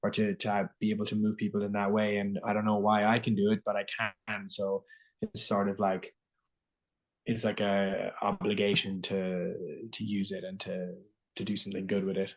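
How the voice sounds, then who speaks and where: A man's voice: on the low side, monotone, moderate pace. A man, a singer-songwriter guest, chatting casually in an interview and telling a long story full of filler words.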